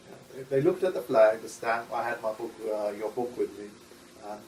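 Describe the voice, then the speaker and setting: A man talking as an interview guest in casual conversation, halting with many restarts and short laughs. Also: medium pitch, lively intonation, darkish tone, slight background noise. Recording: echoey room, voice from far off.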